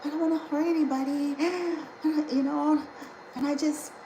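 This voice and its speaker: Brief: a woman doing a meek, pleading woman, high and breathy, rushed, roomy echo. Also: fairly even intonation, noisy background. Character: timid pleading woman, meek and conflict-shy.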